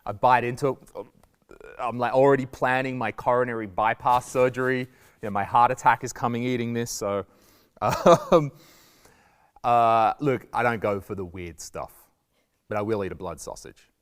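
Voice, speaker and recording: A man with an Australian accent, a comedian talking to students in a lively, jokey way and acting out little quoted voices. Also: medium pitch, normal speed, smooth, long reverb tail. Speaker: comedian giving a guest lesson. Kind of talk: lively stand-up style talk to students.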